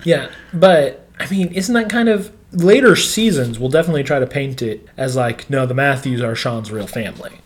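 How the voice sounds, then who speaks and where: A man co-hosts a relaxed podcast chat, his voice sitting in a middle register. He walks through scenes with lively energy and slips into quoted lines as he retells them. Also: mid-range voice, moderate pace, few pauses. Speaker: podcast co-host. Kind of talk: casual chat.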